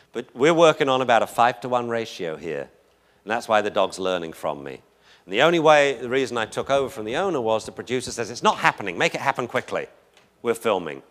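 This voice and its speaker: Guy trainer talking over dog training clips, voice jumps all over, lively. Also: medium pitch. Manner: lively, animated, self-mocking. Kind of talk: lecture commentary over training footage.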